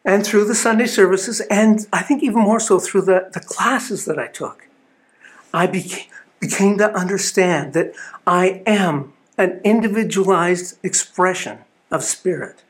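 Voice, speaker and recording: A man's voice: high voice, measured pace. A man giving an earnest, storytelling sermon at a spiritual living center. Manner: earnest storytelling with small restarts.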